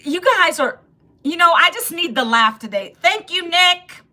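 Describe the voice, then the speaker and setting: A woman in her fifties chats on a live stream in a high, bright, sharp voice. She talks straight to her viewers and reacts to their comments, often laughing as she goes. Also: expressive, unhurried. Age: 50s. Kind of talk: casual live-stream chat.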